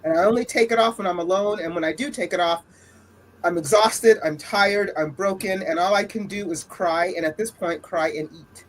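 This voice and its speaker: A woman speaking as a panelist on a podcast. She shares something personal in an open, halting way, circling back and repeating phrases as she finds her words. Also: on the low side, a little hiss or hum. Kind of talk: candid personal sharing.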